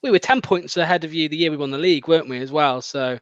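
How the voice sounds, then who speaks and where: A man's voice: on the high side, fast, over a noisy crowd. A man hosting a live football watchalong, chatting casually and hesitantly with plenty of fillers and laughs. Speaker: fan channel host. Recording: dry, dull lo-fi sound.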